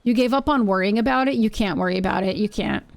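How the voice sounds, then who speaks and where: A woman's voice: mid-range voice, quick pace, creaky, no echo. A woman live-streaming from her home setup, chatting casually with her viewers in a rambling way and often repeating her phrases. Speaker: Twitch streamer.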